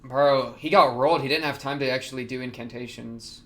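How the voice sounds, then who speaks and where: A young man, reacting to an anime episode in casual commentary, excitable, laughing often and talking back to the characters. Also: mid-range voice, brisk.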